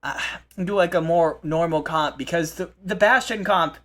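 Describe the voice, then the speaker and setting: A man hosting a live esports broadcast, commentating with excitable energy and frequent restarts. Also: on the high side. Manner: excitable, fast restarts and repeated phrases. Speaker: esports play-by-play host.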